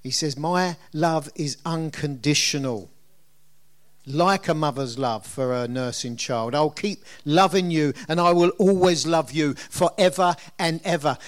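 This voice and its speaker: A middle-aged man preaching a sermon in a conversational way, often asking his listeners questions. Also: a little high. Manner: conversational, asks the congregation questions.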